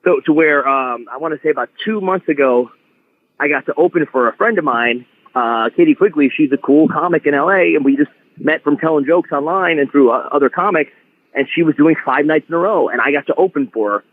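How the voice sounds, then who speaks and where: A man's voice: fairly high pitch, a little fast, slight background noise. Man talking over a tinny phone line. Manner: animated storyteller, many restarts. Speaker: guest wrestler. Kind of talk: casual podcast chat.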